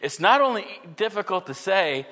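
A middle-aged pastor preaching a sermon earnestly, swinging from forceful lines to hushed ones. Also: male voice, high-pitched, sing-song, moderate pace, long reverb tail.

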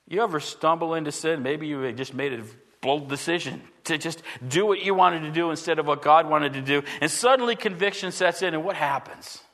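A man with a high-pitched voice delivers a church sermon. He is earnest, asks the room question after question, and acts out the quotes in his story. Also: expressive, a little fast, hardly any pauses, fairly bright tone. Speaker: pastor.

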